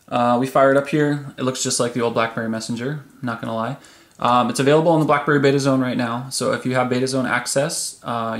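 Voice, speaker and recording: A man walks through a phone app in a casual, easygoing tech video, filling his pauses with ums. His voice sits at a middling pitch. The room around him is echoey. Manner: chatty, relaxed, frequent ums. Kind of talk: casual product demo.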